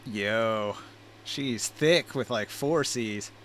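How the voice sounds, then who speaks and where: A man's voice: on the low side, very slow, very noisy. A man running a tabletop game over voice chat, narrating in an easygoing, joking way. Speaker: game master.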